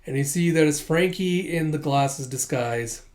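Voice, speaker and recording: A man's voice: on the high side, measured pace, darkish tone. A man recapping a comic chapter in casual, chatty talk, with lots of fillers and laughs. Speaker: comic chapter reader and commentator.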